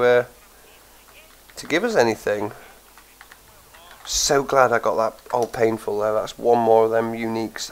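A gaming channel host with a cold and a stuffed-up nose sounds tired as he plays, chatting casually and thinking out loud with lots of ums. His voice is medium-pitched and creaky, and the recording is rough.

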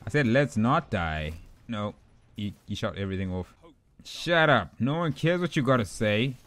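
A young man giving rambling, excitable commentary over his own gameplay, trash-talking opponents and himself. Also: medium pitch, moderate pace. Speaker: gaming YouTuber.

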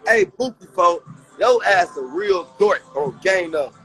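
A man with a Chicago accent in rowdy livestream banter, loud and often shouting in profane street slang. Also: sits high, expressive, a little slow, faint music behind, rough recording.

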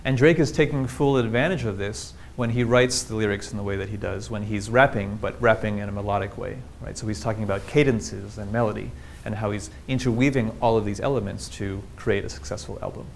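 A man's voice: on the low side, fairly even intonation, brisk, vocal fry, few pauses, a little hiss or hum. A man giving a public linguistics lecture with slides, explaining things plainly and throwing rhetorical questions at the audience.

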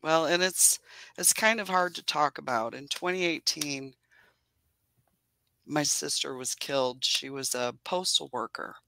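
A chatty woman beekeeper speaks over a video call, earnest and given to laughing between thoughts. Her voice is bright and ringing. The sound is dry and close, with no room in it. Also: sits low, measured pace, gravelly, no echo, low-quality recording. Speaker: beekeeper guest. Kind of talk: casual video-call interview.

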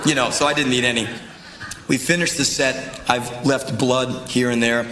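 A man tells stories on stage in an intense, animated voice, swearing freely. His voice sits in a middle range. The sound echoes around a roomy venue, with the crowd audible behind him. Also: medium pitch, moderate pace, background noise. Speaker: spoken word performer. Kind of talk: live spoken word storytelling.

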